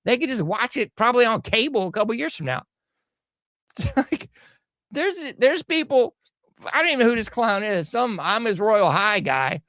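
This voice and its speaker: A man's voice: sits high, big pitch swings, normal speed, a bit bright, dry recording. A man hosting a podcast, riffing sarcastically on news clips and laughing often. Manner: sarcastic, laughing, drawling slang. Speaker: show host. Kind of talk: casual podcast commentary.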